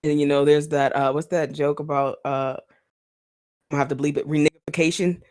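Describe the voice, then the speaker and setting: A woman co-hosting a podcast in casual chat, chatty and quick to laugh, with many fillers. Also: deep voice, little pitch movement, a little mellow. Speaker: podcast co-host.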